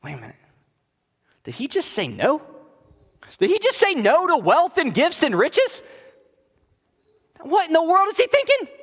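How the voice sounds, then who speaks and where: A preacher acting out a greedy, scheming servant man who sounds incredulous and wheedling, his voice lifted fairly high. The words ring out with a long church reverb. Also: big pitch swings, normal speed, creaky, fairly bright tone, heavily acted.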